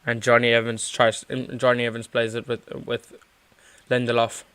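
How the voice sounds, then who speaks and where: A man's voice: medium pitch, completely flat delivery, normal speed, fairly bright tone, smooth, dry recording. A man giving rambling live play-by-play as a football fan streamer, with lots of fillers and restarts. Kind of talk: live watchalong match commentary.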